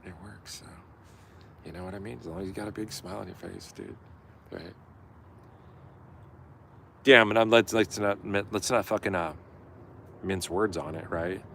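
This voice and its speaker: A man's voice: deep voice, normal speed, gravelly, long pauses, a little hiss or hum. A middle-aged man telling a story in a casual, profane live-stream rant. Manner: profane, animated, acts out yelling quotes.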